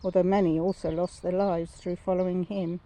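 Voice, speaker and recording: A speaker giving a gentle, measured spoken devotional reflection about faith and brokenness. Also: mid-range voice, flat delivery.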